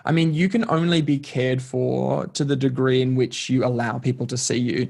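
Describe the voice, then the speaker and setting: A man's voice: mid-range voice, level tone, moderate pace, vocal fry, a little mellow. Earnest reflective man. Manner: reflective, earnest, lots of "like" and "kind of". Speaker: podcast guest. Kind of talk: casual conversation.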